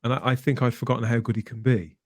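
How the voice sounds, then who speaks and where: A man talking in a casual podcast discussion, enthusiastic and emphatic, stumbling and repeating words as he gets excited. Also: mid-range voice, quick pace, husky, dry recording. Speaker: guest podcaster.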